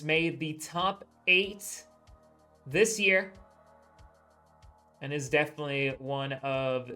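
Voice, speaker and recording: A man's voice: fairly high pitch, sharp tone. A man commentating a live esports match, introducing the players with a joking, self-deprecating manner and announcer-style hype.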